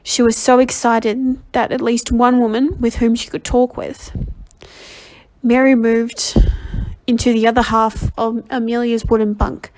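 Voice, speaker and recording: A woman's voice: a little high, level tone, darkish tone. A woman reading a novel aloud as a volunteer, a little under the weather, stumbling and correcting herself as she goes. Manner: halting reading with frequent self-corrections. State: slightly ill and under the weather. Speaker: volunteer audiobook reader.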